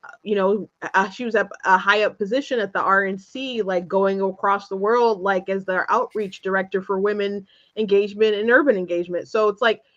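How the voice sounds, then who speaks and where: A woman's voice: mid-range voice, steady tone, fairly quick, fairly bright tone, lo-fi sound. A woman hosting an interview show, talking in a rambling, hesitant way with frequent restarts and laughter. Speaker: show host. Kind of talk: casual conversational interview.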